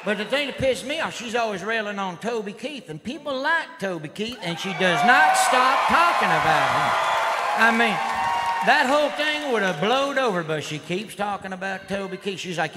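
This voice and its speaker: Male comedian, rowdy redneck act, high voice, live stage with noisy audience. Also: animated, normal speed. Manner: rowdy redneck persona, drawling and shouting. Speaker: stand-up comedian. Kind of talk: stand-up routine. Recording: live hall recording with crowd noise. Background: audience laughter and noise.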